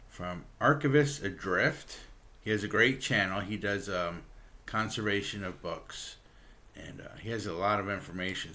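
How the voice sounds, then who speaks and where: A man hosting a casual book review, talking in a relaxed, halting way with lots of ums and uhs and frequent chuckles. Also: on the low side. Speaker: book reviewer, channel host.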